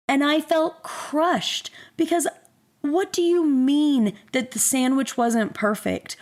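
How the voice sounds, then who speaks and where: A woman's voice: mid-range voice, creaky. A woman in her thirties telling a personal story in a candid, self-deprecating, conversational way. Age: 30s. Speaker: podcast host.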